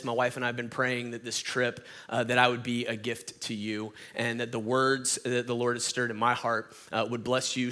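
A man's voice: medium pitch, sharp tone. A man with a Southern accent from Atlanta, a guest pastor giving a folksy, conversational sermon full of fillers and restarts. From Atlanta, Georgia.

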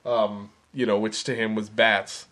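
A man's voice: lowish voice, flat delivery, measured pace, fairly bright tone. A man co-hosting a casual movie podcast, recapping plot with many restarts and repeated words. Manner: hesitant, repeats words while explaining plot. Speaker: podcast co-host.

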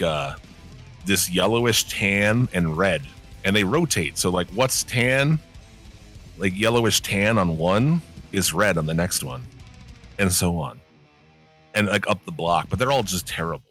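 A man co-hosting a casual chat podcast, telling animated stories full of profanity. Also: low voice, measured pace, soft background music.

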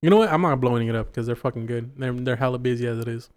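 A young man co-hosting a podcast in casual chat, teasing his friend and cursing through lively talk about food. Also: medium pitch, very fast. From Mexican-American. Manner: profane, teasing, relishes describing food. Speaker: podcast co-host.

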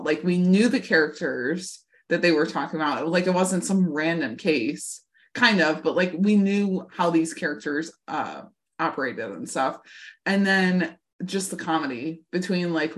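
Podcast co-host, woman, somewhat low pitch, gushing casual recap chat. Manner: gushing, chatty, many "like" fillers.

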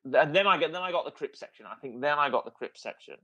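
A man co-hosting a podcast in casual chat, jokey and animated as he riffs on ideas. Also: on the high side, quick pace, lo-fi sound. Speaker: podcast co-host.

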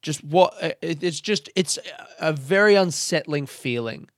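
A man's voice: on the high side, animated, a little slow, no echo, clean studio sound. A young man, a comedian, telling a rambling story in a laid-back way with casual swearing.

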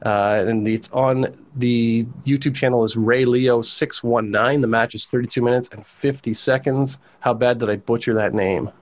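A man's voice: mid-range voice, fairly even intonation, normal speed, few pauses. A man hosting a wrestling podcast, chatting casually and laughing easily. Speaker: podcast host.

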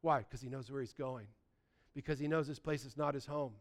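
A man, preaching a sermon, animated, swinging between loud bursts and quiet asides. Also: mid-range voice, a little fast. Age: 60s. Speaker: pastor.

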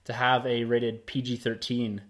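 A man's voice: mid-range voice, little pitch movement, unhurried. A man co-hosting a casual podcast, chatty and laid-back, often laughing. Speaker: podcast co-host. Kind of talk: casual chat.

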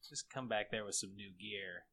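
Low-voiced teasing woman, noisy recording. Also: moderate pace, fairly bright tone. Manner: wry, teasing. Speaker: player. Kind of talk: casual tabletop game chat.

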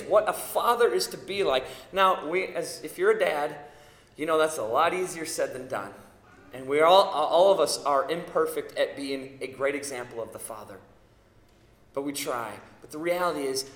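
Man preaching, middle-aged pastor, emphatic, fairly high voice, echoey church hall. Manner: emphatic, builds to loud peaks on key words. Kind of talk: sermon. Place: church sanctuary.

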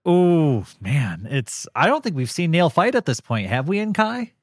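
A man co-hosting a podcast, reviewing episodes in casual chat, enthusiastic and quick to laugh. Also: a little high, big pitch swings, dry recording, clean studio sound. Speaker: podcast co-host.

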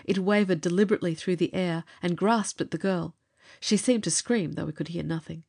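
Brief: female audiobook narrator, lower-pitched, steady dramatic reading. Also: vocal fry. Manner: measured, expressive storytelling.

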